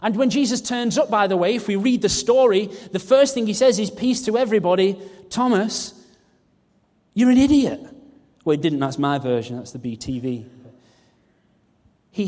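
A man's voice: high-pitched, a little mellow. A man preaching a sermon, mixing scripture with humorous, self-mocking asides. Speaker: pastor. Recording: long reverb of a large hall.

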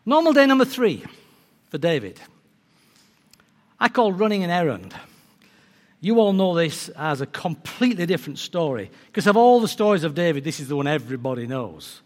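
A man preaching a sermon, telling a story in a lively way and acting out its characters. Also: on the high side, moderate pace, long pauses. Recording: long reverb of a large hall.

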